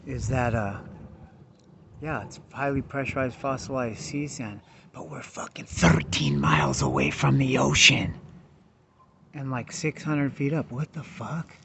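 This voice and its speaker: Speaking at a measured pace with noticeable vocal fry, a man with an expressive mid-range voice vlogs from a hillside. He talks in easygoing stoner slang, swears, and keeps saying "dude." Background noise runs through the dull, lo-fi audio.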